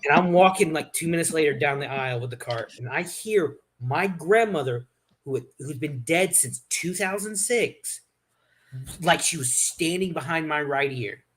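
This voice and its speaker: A man's voice: on the high side, animated, moderate pace, fairly bright tone, breathy edge. A man hosting a casual chat, telling rambling stories with many restarts. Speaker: host.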